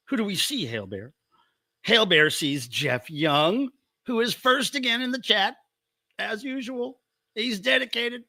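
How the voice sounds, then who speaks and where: A man's voice: high voice, lively intonation, a little slow, sharp tone, no echo. A man hosting a casual livestream from home, playfully greeting viewers one by one. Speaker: livestream host.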